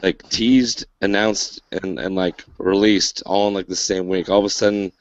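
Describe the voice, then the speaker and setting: Deep-voiced man hosting a casual podcast. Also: steady tone, normal speed, no room sound, muffled recording. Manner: rambling, filler-heavy, wry sarcasm. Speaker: podcast host.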